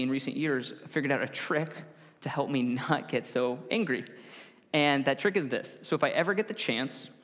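A man's voice: medium pitch, a bit bright. Man preaching in a reverberant hall. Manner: conversational with self-corrections and acted-out quotes. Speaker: pastor. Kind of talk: sermon.

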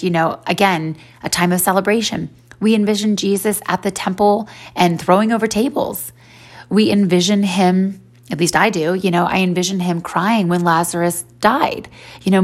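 A woman in her forties giving a faith-based personal talk in a conversational way, with many "you know" fillers. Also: mid-range voice. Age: 40s.

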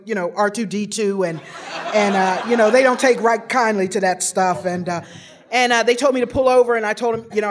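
Lady rambling thru a funny story about herself, lots of um and uh, self-mocking. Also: mid-range voice. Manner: rambling, many fillers and restarts, self-mocking. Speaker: storyteller giving a personal testimony. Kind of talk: humorous personal storytelling.

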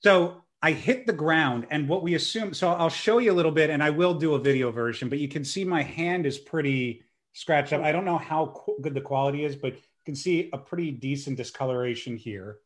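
Man, young adult, slightly high pitch, animated, self-mocking, casual storytelling. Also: a little fast. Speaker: guest telling a story. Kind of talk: casual storytelling in a podcast chat.

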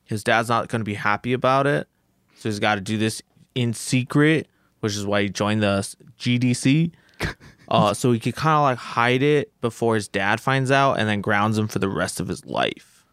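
A man's voice: lowish voice, moderate pace, a bit bright, clean tone, dry recording, studio quality. A man, a tabletop game player, casually explaining his character, sheepish and laughing as he talks. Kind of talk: casual chat introducing a character.

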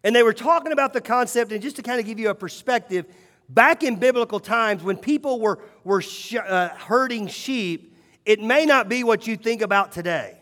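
A pastor preaching a sermon, moving between hushed, slow passages and rising, emphatic calls. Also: male voice, high-pitched. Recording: long hall reverb.

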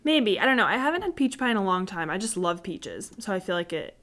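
A woman's voice: mid-range voice, very animated, fast talker, fairly bright tone. Chatty young woman, full of fillers. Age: young adult. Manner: chatty, many "like" fillers, laughs while telling stories. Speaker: co-host chatting with her sister. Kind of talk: casual chat.

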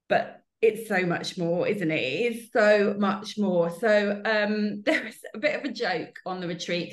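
A woman in her thirties from the UK, chatting candidly as a podcast guest, self-deprecating and laughing often. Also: medium pitch. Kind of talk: casual chat.

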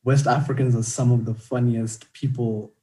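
A man's voice: medium pitch, level tone, moderate pace, warm tone. A young man hosting a podcast, chatting casually and laughing often. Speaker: podcast host.

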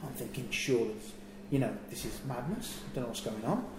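A man's voice: medium pitch, lively intonation, a little fast. Brief: man, casual storyteller who acts out quotes, mid-range voice, roomy echo with faint hum behind. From England. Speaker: wrestler telling a road story. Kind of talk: casual anecdote. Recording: echoey room, faint ambient noise.

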